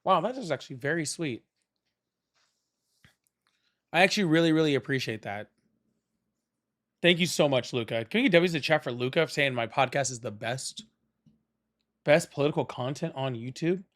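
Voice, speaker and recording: A man's voice: fairly high pitch, fairly bright tone. A man hosting a live political call-in stream, chatting casually and pressing callers hard. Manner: argumentative, quick to press callers.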